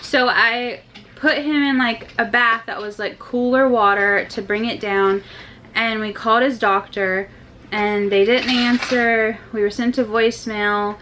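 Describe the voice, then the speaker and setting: A woman's voice: on the high side, steady tone, measured pace, bright, forceful tone, slight background noise, low-quality recording. A young woman and mother talking casually to her viewers in a family vlog, chatty and full of loose asides. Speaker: vlogger and mother.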